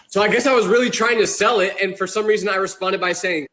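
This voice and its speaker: A man telling an embarrassing personal story, sheepish and animated. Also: sits high, brisk, hardly any pauses. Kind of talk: storytime anecdote.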